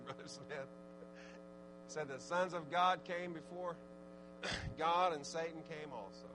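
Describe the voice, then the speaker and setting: A man preaching a sermon, swinging from fervent exhortation to low, conversational asides. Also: slow, background noise. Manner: rising to fervent shouted exhortation, then dropping low and conversational.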